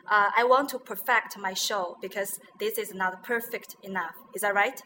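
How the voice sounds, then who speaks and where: Her tone is sharp, her pitch mid-range and her speed normal, captured in a rough recording with slight background noise. A native Chinese speaker with a Chinese accent, she teaches English pronunciation bilingually by repeating a guest's words to check them.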